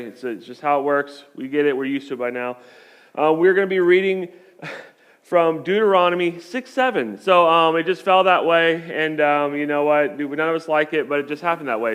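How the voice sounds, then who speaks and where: A man's voice: on the high side, a bit bright, smooth. A middle-aged man, a pastor, giving a sermon in a church in a conversational, joking storytelling manner.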